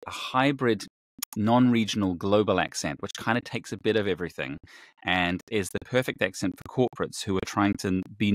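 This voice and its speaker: A man's voice: lowish voice, no room sound. A middle-aged man from England with a New Zealand accent, chatting as a podcast guest and telling stories in a rambling way with many fillers and restarts. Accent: New Zealand with a slight British trace. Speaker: voice actor guest. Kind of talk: casual interview chat.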